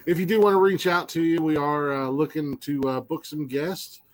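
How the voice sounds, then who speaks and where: A man's voice: on the high side, steady tone, normal speed. A man hosting a casual podcast, talking in a loose, rambling way with frequent swearing and laughter. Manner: profane, rambling, laughs often. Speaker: podcast host.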